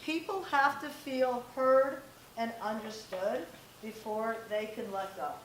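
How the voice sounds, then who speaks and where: A woman's voice: a little high, steady tone, slow, far from the mic. A middle-aged woman giving a live talk to parents and teens, speaking directly and conversationally and acting out bits of dialogue. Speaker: parenting workshop presenter. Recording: echoey room, faint background noise.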